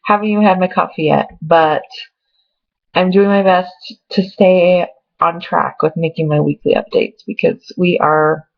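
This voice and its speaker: A woman's voice: fairly low pitch, fairly even intonation, a little slow, gravelly. A young woman from Oregon giving a casual pregnancy update, chatty and emotional, close to tears. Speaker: vlogger. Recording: dull lo-fi home webcam audio.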